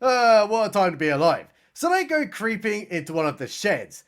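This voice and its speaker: A man's voice: sits high, big pitch swings, fairly bright tone. A man giving a sarcastic, mocking comedic recap of a film. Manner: sarcastic, mocking, does quick voices for characters. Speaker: film reviewer.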